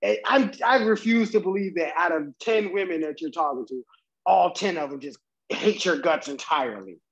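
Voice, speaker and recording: A man's voice: sits high, normal speed, vocal fry, highs cut off. A man co-hosting a podcast, blunt and joking in casual chat, laughing often. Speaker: podcast co-host.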